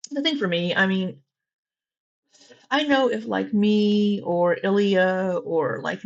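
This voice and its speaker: Missouri-accented woman with a gravelly voice. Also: on the low side, muffled recording. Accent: Southwest Missouri. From Southwest Missouri. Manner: greets chat viewers by name, chatty and candid. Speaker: livestream host. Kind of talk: casual livestream chat.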